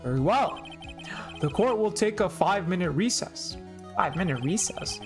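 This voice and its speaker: Woman reading a calm older male judge, formal and measured, low voice, courtroom game. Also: music in the background.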